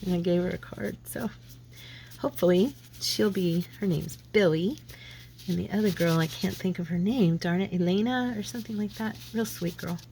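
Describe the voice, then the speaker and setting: Rambly lady crafter with a head cold, gravelly low voice, kinda self-deprecating. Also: normal speed, warm tone, a little hiss or hum. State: lingering head cold, sneezing and coughing. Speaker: craft channel host. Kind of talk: casual crafting chat.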